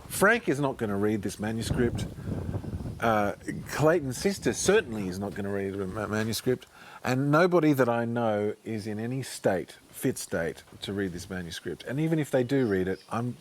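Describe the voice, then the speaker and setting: A man telling a personal story in a monologue, often halting and repeating himself. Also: on the low side, background noise. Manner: halting, repeats words and restarts sentences.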